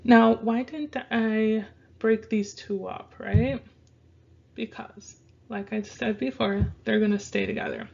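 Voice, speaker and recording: Slow, gravelly-voiced woman teaching. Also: a little high, fairly even intonation, a little mellow, dull audio. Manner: slow, repeats words for pronunciation practice. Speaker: Spanish teacher. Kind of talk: casual online language lesson.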